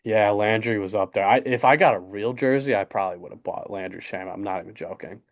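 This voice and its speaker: Low-voiced laid-back young guy talking sports. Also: fast talker. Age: young adult. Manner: easygoing, rambling with fillers and restarts. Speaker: podcast co-host. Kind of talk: casual sports chat.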